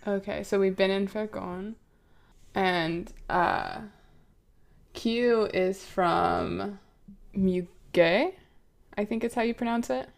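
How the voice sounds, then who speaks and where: A woman's voice: mid-range voice, fairly even intonation, slow pace, creaky. An American woman playing a tabletop game, casual and offhand, with a jokey manner. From United States. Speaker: player.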